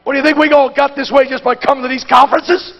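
A very high, fast voice with little pitch movement carries this Pentecostal conference sermon, captured with lo-fi sound. The male preacher speaks plainly and folksily, moving from quiet asides to shouted exhortation.

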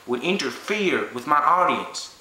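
A man's voice: a little high, big pitch swings, unhurried, sharp tone, heavily acted. A man playing a self-important farmer-turned-actor in a comedy sketch interview, with a drawling Southern US accent and a rambling way of talking. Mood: defensive. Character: pompous Southern hick farmer-actor, touchy middle-aged man. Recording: roomy echo, faint hiss.

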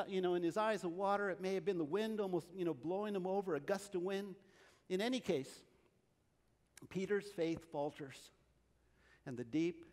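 Animated high-voiced male pastor. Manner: animated storytelling, acting out the scene. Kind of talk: sermon. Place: large church hall. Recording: long church reverb.

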